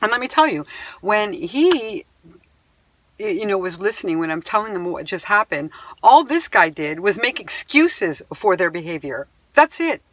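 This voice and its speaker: Very animated at a moderate pace, a Canadian vlogger with a mid-range voice gives an upset, indignant personal account to camera. She retells it emphatically, sighing, reading items off a bill, in a dry, close recording.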